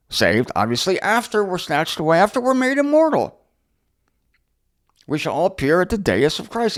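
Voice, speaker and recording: A middle-aged man teaching the Bible in an unscripted monologue, sarcastic and animated as he answers objectors directly. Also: a little high. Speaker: Bible teacher and show host.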